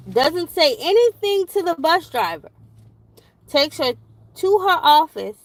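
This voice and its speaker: A young woman recounts a family story in a casual vlog. She speaks slowly, in a fairly high voice. Her telling rambles and grows animated, with plenty of fillers. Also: low-quality recording. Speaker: parent vlogger.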